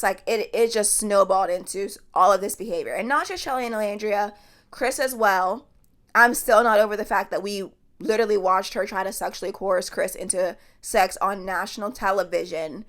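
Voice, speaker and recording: A woman's voice: mid-range voice, fairly bright tone. Blunt, emphatic woman podcast host. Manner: emphatic, blunt, swears freely. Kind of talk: casual podcast commentary.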